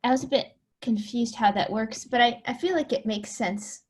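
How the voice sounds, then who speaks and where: A woman's voice: on the high side, normal speed. A female student hesitantly asking her lecturer about a topic over a video call, thinking aloud as she goes. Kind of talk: asking questions in class.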